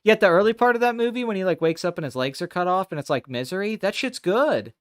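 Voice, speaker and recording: A man hosting a casual live stream chat, talking in animated, rambling bursts with restarts and plenty of swearing. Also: high-pitched, fast talker. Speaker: podcast host.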